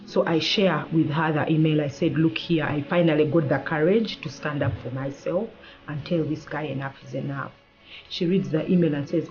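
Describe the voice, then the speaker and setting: A woman lawyer, a guest in an interview, telling a personal story in an animated way and acting out the lines of the people in it. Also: sits low, moderate pace, highs cut off. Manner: animated, acts out quoted dialogue.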